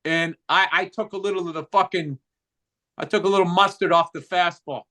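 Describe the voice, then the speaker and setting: A man co-hosting a comedy podcast, telling stories in a loud, profane, animated way. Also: sits high, a little fast. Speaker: podcast co-host. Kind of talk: casual comedic chat.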